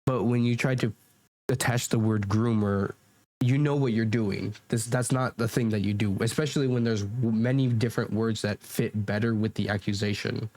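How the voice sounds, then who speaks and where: A man with a lowish, slightly mellow voice delivers rambling, argumentative commentary as a YouTuber, reacting defensively to comments. His intonation is fairly even, his speed normal, and the desk-mic recording at home sounds dry, with frequent restarts and fillers.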